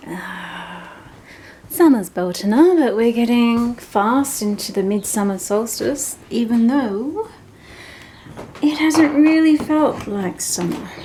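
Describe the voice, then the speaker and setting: A woman's voice: on the high side, expressive, slow pace. A woman chatting casually in a vlog, giggly and rambling with many fillers, talking outdoors among her ducks. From Australia. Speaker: vlogger. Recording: noisy outdoor recording with ducks. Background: loud duck quacking.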